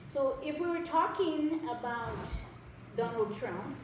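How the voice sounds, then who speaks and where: A woman preaches, animated and conversational as she acts out the people in her stories. Her fairly high voice is picked up from a distance, with a strong echo from the room. A faint hiss sits under her voice. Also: takes it slowly. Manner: animated storytelling, acting out voices in dialogue. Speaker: pastor. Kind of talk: sermon. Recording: echoey room, mic at a distance.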